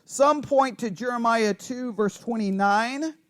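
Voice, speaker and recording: A man's voice: very high-pitched, measured pace, fairly bright tone. A man teaching a conversational Bible study who asks his class questions and acts out quoted lines.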